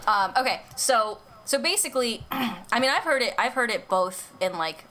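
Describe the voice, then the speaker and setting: A woman's voice: on the high side, animated, normal speed, bright, forceful tone, a little hiss or hum. A young American woman hosting a casual chat over a video call, chatty and giggly. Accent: American English. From United States. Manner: chatty, giggly, many fillers. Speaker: podcast host.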